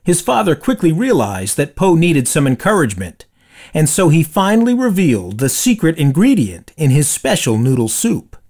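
A man reading a children's storybook aloud with expressive, dramatic storytelling. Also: a little high, normal speed. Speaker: storybook reader. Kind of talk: read-aloud storybook narration.

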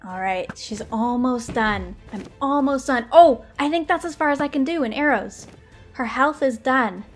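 A young woman giving chatty, excitable commentary while playing a video game, often laughing. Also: sits high, moderate pace, soft background music. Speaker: gaming video creator. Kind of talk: live gameplay commentary.

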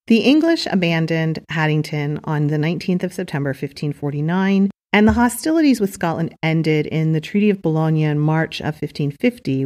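Podcast host: woman with a low voice, relaxed conversational history narration, chatty asides. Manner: casual, chatty asides to listeners.

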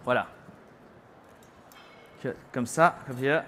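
Taking it slowly, this middle-aged chef from France speaks in a mid-range voice that sounds pushed and bright, with a French accent. He's cooking live on a trade-show stage, chatty and playful, teasing his audience and slipping in French words, with slight background noise.

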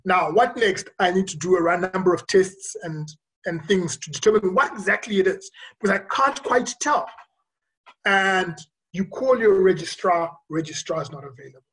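A physician giving a virtual conference talk, recounting a personal story in a reflective, earnest way with frequent pauses. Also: mid-range voice, fairly bright tone, rough recording. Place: remote recording for a virtual conference.

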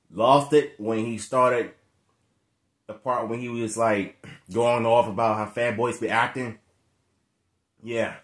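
A man hosting a casual reaction video, talking loudly in laid-back slang. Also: on the low side.

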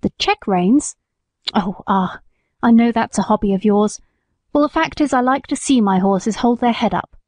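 A woman's voice: fairly high pitch, moderate pace, a little mellow, no room sound, close to an everyday voice. A woman reading the lines of a breezy male army captain in an audiobook, speaking offhandedly.

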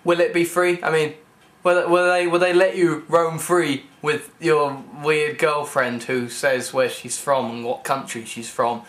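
Young male vlogger, slightly high voice, joking ramble, stammered restarts. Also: steady tone, measured pace, a bit bright. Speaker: comedy vlogger. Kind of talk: rambling comic vlog.

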